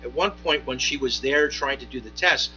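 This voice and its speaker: Male judge ruling from the bench, bright forceful voice, deliberate with fillers, faint music underneath. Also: mid-range voice, poor audio. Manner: measured, deliberate, many fillers and restarts. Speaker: municipal judge. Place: courtroom.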